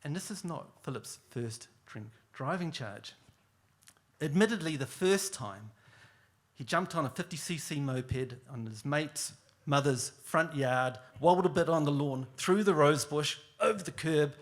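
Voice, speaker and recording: A man telling a funny story on stage at a live storytelling night, animated and chatty. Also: a little high, a little slow. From Australia. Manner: animated, chatty, laughs at his own story.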